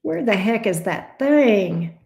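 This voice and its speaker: A woman's voice: mid-range voice, animated, slow pace, vocal fry, warm tone. Chatty Southern woman on a livestream. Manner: chatty, uses endearments like babes and love bug. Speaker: tarot reader livestream host. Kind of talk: casual livestream chat with viewers. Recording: echoey room sound.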